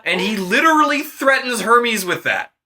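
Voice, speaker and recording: Soft background music plays as a podcast storyteller, a man with a very high-pitched voice, retells a myth at a moderate pace. He's tipsy and casual, profane at every turn, and animatedly voices the characters' lines himself.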